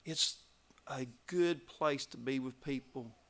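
A man preaching a revival sermon, telling stories and building to loud climaxes. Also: medium pitch, takes it slowly.

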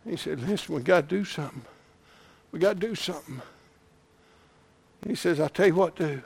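High-voiced preacher building to shouts. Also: male voice, normal speed, vocal fry, breathy edge, no echo. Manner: builds to loud impassioned shouting, with chuckles. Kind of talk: sermon.

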